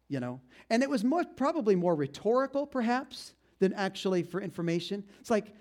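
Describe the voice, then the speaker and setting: A man preaching in a loose, conversational way, bringing the story to life for his listeners and often tossing in a casual "you know." His voice sits a bit on the high side for a man. He talks to the congregation as if chatting with them. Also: very animated, brisk, hardly any pauses, darkish tone. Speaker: pastor.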